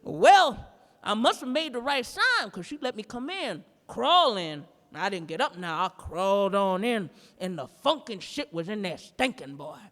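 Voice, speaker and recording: A woman performing a standup comedy routine live, telling a story in a brash, profane, animated way. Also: mid-range voice, a little slow, long reverb tail. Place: live performance in a gallery space.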